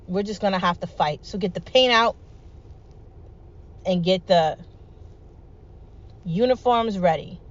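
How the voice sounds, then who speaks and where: A woman's voice: medium pitch, a little slow, long pauses, dull audio. A woman talking alone in an emphatic, repetitive, rallying way, swearing freely. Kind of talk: solo monologue vlog.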